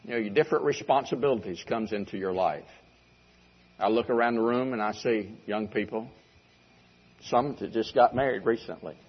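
A man's voice: fairly low pitch, normal speed, slightly rough, muffled recording. An older man preaching a sermon to a congregation, emphatic and given to repeating key phrases. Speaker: pastor. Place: church congregation room.

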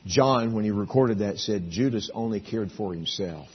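Husky folksy storytelling preacher. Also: male voice, fairly low pitch, moderate pace, highs cut off. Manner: folksy storytelling, acting out characters. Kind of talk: sermon. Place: church auditorium.

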